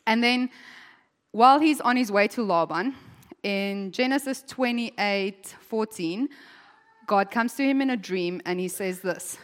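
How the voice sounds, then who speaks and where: A woman's voice: mid-range voice, unhurried. Chatty woman preacher in a reverberant hall. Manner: chatty, laughing, acts out voices in quotes. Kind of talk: lively sermon storytelling.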